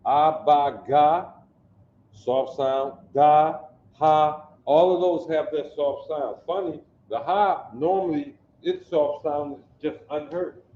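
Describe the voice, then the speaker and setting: A man teaching a language class at a slow, patient pace, repeating sounds and often asking his students whether they follow. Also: a little high, slight background noise. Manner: slow, repetitive, checks understanding often. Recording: echoey room, dull lo-fi sound.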